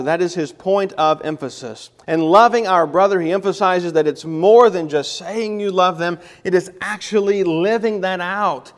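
High-voiced man teaching scripture in a hall. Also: moderate pace, few pauses. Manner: reads scripture then explains it, with restarts and self-corrections. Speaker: Bible teacher. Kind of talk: Bible lesson.

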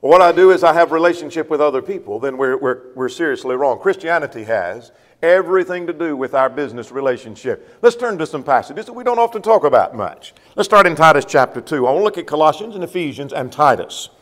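A man's voice: a little high, expressive, fast talker, big-room sound. A man preaching a sermon to a congregation, emphatic, repeating a refrain and putting questions to his listeners.

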